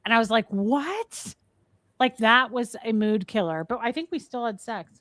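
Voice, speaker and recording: A woman co-hosting a casual live stream, telling a story with animated energy and thanking viewers by name. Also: fairly high pitch, brisk, no room sound.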